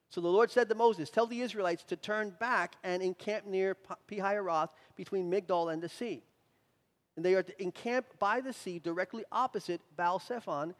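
A male pastor preaching a sermon, building in intensity and repeating words as he drives points home. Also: sits high. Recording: reverberant hall.

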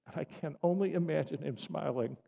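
A man delivering a sermon in an animated, conversational storytelling way with frequent asides. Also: a little high, brisk, gravelly. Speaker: preacher. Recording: dull lo-fi audio with long hall reverb.

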